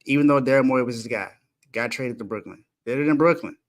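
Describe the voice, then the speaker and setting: A man's voice: medium pitch, fast talker. Emphatic man arguing a sports point. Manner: builds a case point by point, emphatic. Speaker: sports podcast co-host. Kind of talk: casual sports talk.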